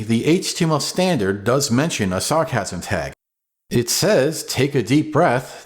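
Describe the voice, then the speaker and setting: A man hosting a web design explainer, reading a script with dry, playful humor. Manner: dry, playful humor with sudden pitch jumps. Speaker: web design video host.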